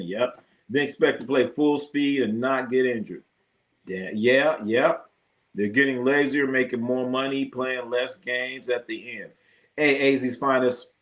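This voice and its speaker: A man's voice: mid-range voice, a bit bright. A man hosting a live sports stream, chatting loosely with his viewers and swearing freely. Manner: loose, profane, reacts to chat. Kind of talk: casual live-stream chat.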